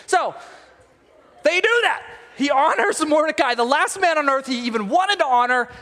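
A man preaching a sermon, retelling a story with animated storytelling and acting out the characters. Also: very high voice, brisk, big-room sound.

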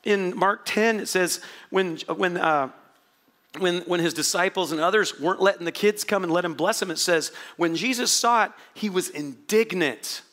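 An animated man preaching a sermon, his voice sitting a little high and ringing bright and forceful. He swings between hushed asides and bursts of excitement as he talks to the room. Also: moderate pace. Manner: animated, swings from quiet asides to shouted prayers. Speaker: pastor.

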